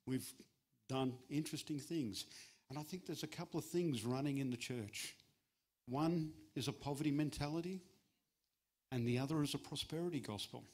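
Man, middle-aged, church sermon, guest speaker, chatty and joking, sudden high pitch for emphasis. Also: normal speed, breathy edge. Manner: conversational and humorous, with lively jumps in pitch for emphasis.

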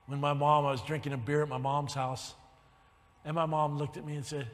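A man with a high-pitched voice preaches from the front of a church, sharing his own testimony. He drops to hushed, breathy confessions, then lifts into loud, soaring exhortation. The long reverb of the sanctuary trails every phrase. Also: little pitch movement, brisk, slight background noise. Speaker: pastor. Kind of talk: sermon with personal testimony.

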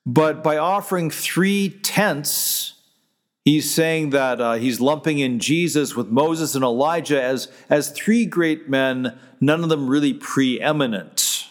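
A man's voice: on the high side, slow pace, long reverb tail. A man, a pastor, preaching a sermon in a conversational way, stopping to restart and quoting scripture.

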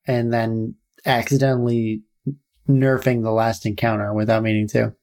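Relaxed man recalling a game. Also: medium pitch, normal speed. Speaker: player. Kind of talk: casual chat about a tabletop game.

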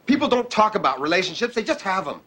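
Defensive male cop, evasive, husky voice, lively higher pitch. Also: fast talker, full character voice. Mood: flustered. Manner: evasive, flustered, hides feelings. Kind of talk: TV drama acting.

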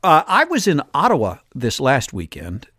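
A man's voice: mid-range voice, huge pitch swings, moderate pace, a bit bright, slightly rough, no room sound. Older man, dry close mic, chatty storyteller. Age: 60s. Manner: chatty, rambling storyteller with many fillers. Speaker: podcast host. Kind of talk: casual podcast chat and storytelling.

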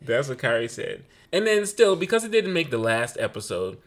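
Animated New York man on a podcast. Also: medium pitch, moderate pace. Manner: animated, acts out his kids' voices. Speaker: podcast co-host. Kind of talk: casual chat.

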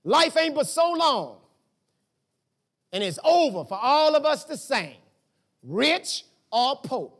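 A man preaching a sermon as pastor, asking rhetorical questions and breaking into shouts. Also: very high-pitched, very animated, takes it slowly, long pauses.

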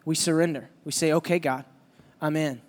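A man's voice: fairly high pitch, moderate pace. A young man preaching to a youth group, telling a story with jokes and lots of energy. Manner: animated, jokey storytelling. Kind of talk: storytelling sermon. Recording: hall reverb.

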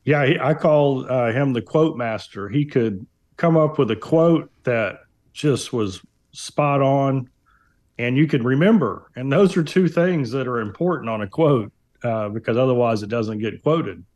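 A man speaking as a guest on an interview podcast, reflecting in a measured way with frequent fillers and repeated words. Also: medium pitch, a little mellow. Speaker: guest, business owner. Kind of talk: interview conversation.

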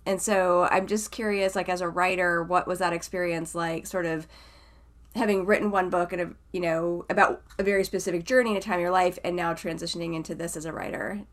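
A woman's voice: fairly low pitch, steady tone, a little fast. A woman co-host asking a guest a question, curious and searching for words as she goes. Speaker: podcast co-host. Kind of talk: casual interview questions.

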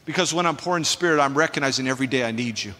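A male pastor preaching a sermon in an animated, emphatic, conversational way, with asides to the congregation, in a church sanctuary. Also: medium pitch, rapid-fire, big-room sound.

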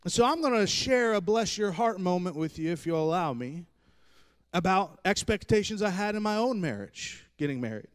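A man's voice: high voice, expressive, moderate pace, clear, resonant tone. A man in his thirties preaching a humorous sermon, telling stories from his own marriage with self-deprecating jokes. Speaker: pastor.

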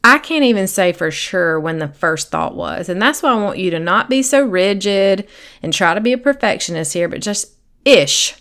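A woman's voice: medium pitch, lively intonation, moderate pace, fairly bright tone. A woman hosting a faith-based coaching podcast, talking straight to her listener in an earnest, encouraging way and voicing the listener's thoughts as quotes. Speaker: podcast host and sobriety coach.

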